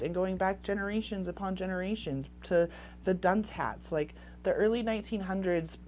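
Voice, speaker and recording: The audio is dull, with slight background noise, as a parenting coach in her thirties speaks to camera in a lowish, slightly mellow voice. She comes across blunt and impassioned, swearing and driving points home through repetition.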